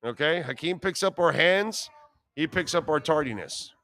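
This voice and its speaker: A man's voice: fairly high pitch, lively intonation, moderate pace, bright, forceful tone. A man in his fifties hosting a sports radio show, telling brash, profane stories in a casual way.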